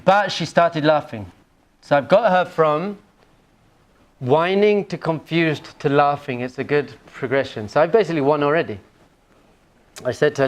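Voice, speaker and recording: A male rabbi teaching a class, telling humorous family stories and putting questions to his audience. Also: on the high side. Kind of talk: lecture with personal anecdotes.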